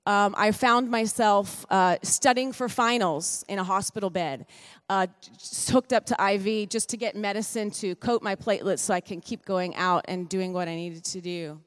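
A woman's voice: medium pitch, steady tone, normal speed. A middle-aged woman giving a chatty church testimony, correcting herself often as she tells her story. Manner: chatty, self-correcting storyteller with light laughs. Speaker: pastor's wife giving a testimony. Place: church hall. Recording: long church-hall reverb.

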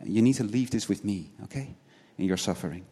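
A man with a fairly low voice preaches an earnest sermon, firing off rhetorical questions and tagging points with "right?". He often repeats words as he restarts a thought. His voice carries a long reverb, as in a church hall. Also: lively intonation, fairly quick, warm tone, breathy edge.

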